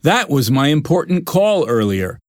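A narrator voicing a kind, caring grandfather in an audiobook, calm and reassuring. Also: medium pitch, moderate pace, no echo, clean studio sound, natural voice. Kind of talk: audiobook reading.

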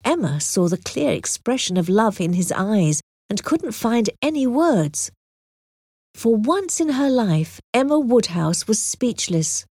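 A woman narrating an audiobook with clear, expressive storytelling. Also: on the high side, measured pace, dry recording.

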